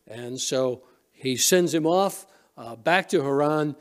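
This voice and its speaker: A man's voice: fairly high pitch, slow. A male pastor preaching a sermon in a church, retelling a story conversationally with frequent restarts. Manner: storytelling, retelling scenes with quoted voices. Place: church sanctuary.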